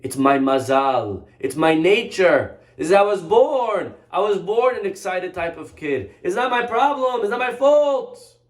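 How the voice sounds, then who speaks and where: A man's voice: on the high side, fairly quick, pitched above the performer's own voice, close to an everyday voice. A man playing a self-pitying immoral man who makes excuses, his voice rising as he pleads. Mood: whiny excuses. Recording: echoey room.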